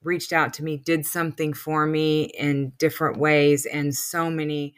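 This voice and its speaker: A woman's voice: sits low, level tone, normal speed, few pauses. A woman in her sixties co-hosting a podcast in casual chat, rambling and emotional with many fillers, with a slight lisp from a new retainer. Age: 60s. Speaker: podcast co-host.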